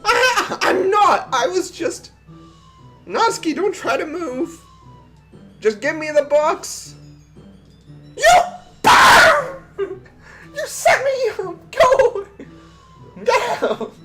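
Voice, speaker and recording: A woman voicing a hot-tempered, prickly schoolgirl, reading a visual novel aloud with shrill, indignant yelling. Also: very animated, extremely slow, pauses often, soft background music, heavily acted. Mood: flustered angry.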